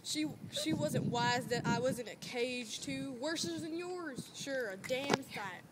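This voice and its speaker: A woman voicing a tough, bitter working-class man in an amateur play reading, talking in rough, clipped street slang. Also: high voice, a little slow. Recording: loud background noise.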